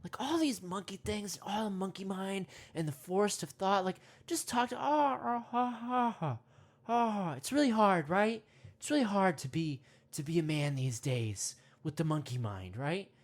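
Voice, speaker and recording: A man leading a parody guided meditation, rambling with constant "you know" and "right?", sometimes dropping to hushed whispers. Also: sits high, lively intonation, normal speed. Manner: drops to hushed whispers at times.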